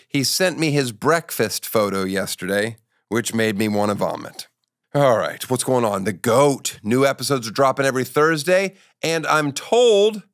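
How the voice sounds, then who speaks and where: A man's voice: mid-range voice, a bit bright, no room sound, clean studio sound. A man hosting a comedy talk show, joking and telling stories in a wry, offhand way. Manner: joking, wry, storytelling asides. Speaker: show host. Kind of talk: casual comedic interview and monologue.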